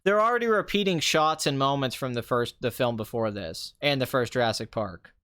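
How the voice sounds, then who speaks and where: A man's voice: medium pitch, animated, brisk, fairly bright tone, clean tone. A young man hosting a casual movie review talk, ranting sarcastically with mocking asides. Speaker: movie review podcast host.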